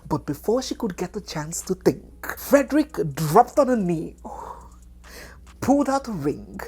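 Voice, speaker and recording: A woman narrating a dramatic documentary story, animated and dropping into hushed, whispered asides. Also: medium pitch, a little slow, husky.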